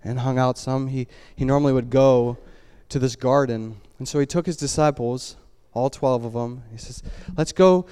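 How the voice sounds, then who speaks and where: A man preaching a sermon, retelling a story in a casual, conversational way full of "like" and restarts, dropping low and quiet at solemn moments. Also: flat delivery, moderate pace, hardly any pauses, smooth, big-room sound.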